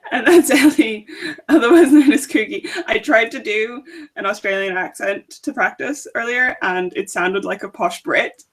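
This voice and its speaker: Brief: young woman, slightly high voice, giggly chatty book club co-host, from South Africa. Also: animated, measured pace, breathy edge. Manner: giggly, chatty, laughs often. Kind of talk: casual chat.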